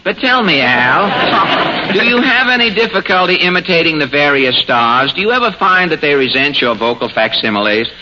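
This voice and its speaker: A man's voice: a little high, expressive, normal speed, noisy background. Wisecracking male radio comedy host. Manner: wisecracking, ad-libbing at the audience. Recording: dull old radio broadcast with loud audience.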